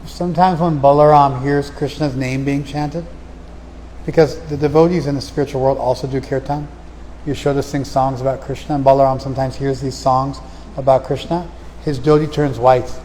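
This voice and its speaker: A man's voice: mid-range voice, level tone, warm tone, a little hiss or hum. Man giving a spiritual lecture with reverb. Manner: recites verses slowly, then explains them in plain talk. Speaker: lecturer on scripture. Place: outdoor festival.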